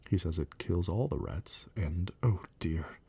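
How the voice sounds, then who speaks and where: A polite, wondering little girl from a bedtime storybook, as a man whispers her lines. Whispered role-play with a husky, breath-heavy grain and a gravelly edge under it, kept soft and earnest throughout. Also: deep voice, expressive, measured pace, full character voice. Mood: eager. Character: curious polite little girl lost in a dream world.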